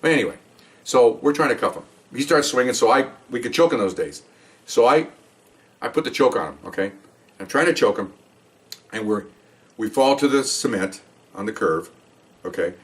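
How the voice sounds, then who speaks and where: A man's voice: mid-range voice, expressive, moderate pace, long pauses, distant mic. An older man, a retired police officer, telling a story in a casual, rambling way and often checking in with "okay?". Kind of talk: casual spoken anecdote.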